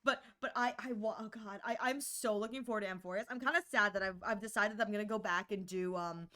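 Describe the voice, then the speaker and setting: A woman's voice: medium pitch, fairly even intonation, fast talker, pushed and bright. A young woman streamer chatting casually with viewers, rambling and giggly, often mocking herself.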